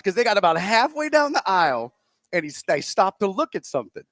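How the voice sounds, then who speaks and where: A man co-hosting a sports talk radio show, telling a rambling, animated anecdote with acted-out quotes into a close studio microphone. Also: sits high, fairly quick, dry recording.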